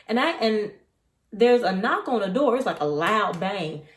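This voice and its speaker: Unhurried and medium-pitched, a young woman vlogger retells something that happened to her. She's casual and digressive, wandering off-topic as she relives it in an echoey room.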